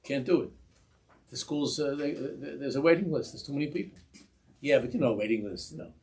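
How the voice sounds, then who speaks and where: A middle-aged man, a rabbi, giving an animated Torah class, acting out little dialogues and sprinkling in Yiddish and Hebrew words. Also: medium pitch, brisk.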